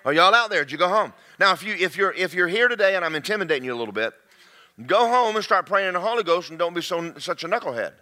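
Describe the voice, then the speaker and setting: A man preaching a sermon to a congregation, swinging between loud shouts and quiet, confiding asides. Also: high voice, lively intonation, fast talker.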